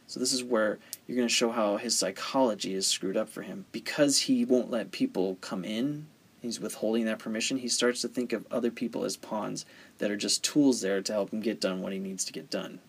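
A man's voice: lowish voice, fairly even intonation, a little fast, husky. A man teaching story structure in a conversational way, often asking rhetorical questions. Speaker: writing teacher. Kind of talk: explaining story theory.

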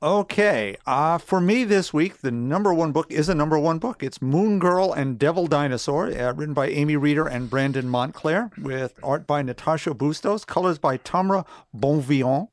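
Slightly high-voiced man recapping comics. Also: normal speed, few pauses, dry recording, studio quality. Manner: steady, detailed storytelling. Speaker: podcast co-host. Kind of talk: casual chat, summarizing comics.

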